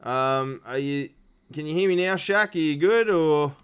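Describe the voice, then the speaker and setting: A man's voice: fairly high pitch, a little slow, smooth. A man hosting post-race interviews on a live stream, rambling with lots of fillers and restarts. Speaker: stream host.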